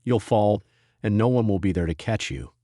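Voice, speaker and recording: A man voicing an arrogant, gruff veteran male wrestler who lectures with a condescending tone. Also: on the low side, normal speed, warm tone, no room sound, clean studio sound, close to an everyday voice.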